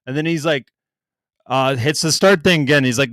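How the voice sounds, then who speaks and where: Animated and profane, a young adult co-host recounts a story on a podcast, performing other people's quotes in a raised voice. He has a fairly high pitch and moderate pace, with no room sound.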